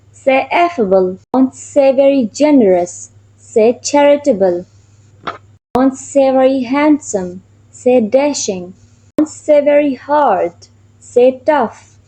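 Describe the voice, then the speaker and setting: A woman with a high, warm voice reads out a vocabulary lesson. She speaks slowly and evenly, one word at a time, like a teacher reading from a script. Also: poor audio. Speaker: English teacher.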